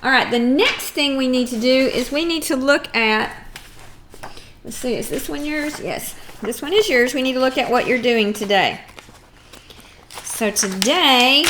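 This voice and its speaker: A middle-aged woman teaching a first grade phonics lesson, patiently sounding out words and clearing her throat now and then. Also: on the high side, unhurried, pushed and bright, slight background noise. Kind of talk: recorded phonics lesson for young children.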